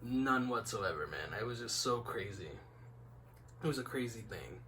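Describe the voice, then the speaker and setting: A man's voice: medium pitch, animated, normal speed, sharp tone, a little hiss or hum. A young man hosting a casual podcast, rambling laid-back with lots of "like" and "man.". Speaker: podcast host. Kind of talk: casual chat.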